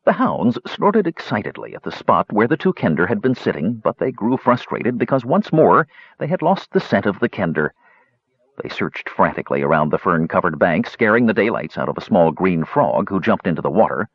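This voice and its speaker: A man giving expressive scripted narration of a fantasy audiobook in a dull lo-fi recording. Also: fairly low pitch, a little fast, slightly rough, no room sound. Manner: expressive, does character voices.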